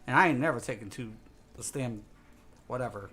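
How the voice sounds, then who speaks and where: A man's voice: medium pitch, fairly quick, pushed and bright, breathy edge. A man streaming a game, ranting casually and swearing often as he repeats himself. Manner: ranting, profane, repetitive. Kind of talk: casual gaming stream talk.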